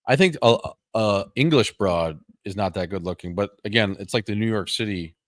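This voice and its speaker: A man's voice: on the low side, normal speed, no room sound. A young man co-hosting a podcast, chatting casually and rambling with lots of fillers. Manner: rambling, profane, joking. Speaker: podcast co-host. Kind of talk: casual chat.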